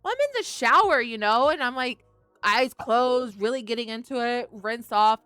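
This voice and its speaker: Lively, high-voiced woman telling candid stories. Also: moderate pace, loud music behind the voice. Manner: animated storyteller, acts out her own reactions. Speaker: podcast co-host. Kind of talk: candid casual chat.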